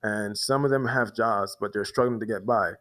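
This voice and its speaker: A man's voice: fairly low pitch, steady tone, normal speed, fairly bright tone. Rambling New man telling a story. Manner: rambling, many restarts and repeated words. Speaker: vlogger. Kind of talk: casual storytelling monologue.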